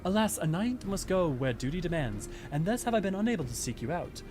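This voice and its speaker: A man's voice: sits high, very animated, brisk, over music, pitched above the performer's own voice. A man voicing a noble female knight commander in a game, speaking in formal, courtly phrasing. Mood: earnest.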